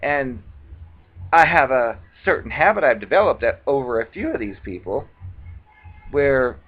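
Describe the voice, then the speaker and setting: A man's voice: mid-range voice, unhurried, breathy edge. A man telling a personal story in a casual monologue, acting out other people's lines with dramatic flair. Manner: animated, acts out quoted voices dramatically. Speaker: video blogger. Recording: dull lo-fi recording.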